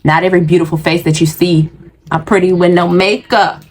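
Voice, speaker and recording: A woman hosts her own video channel in a loose, dramatic monologue. She is outspoken and quick to curse, jumping from self-affirmation to complaints. Her voice sits slightly on the low side for a woman. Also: breathy edge. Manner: dramatic, profane, animated. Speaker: YouTube host. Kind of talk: casual vlog monologue.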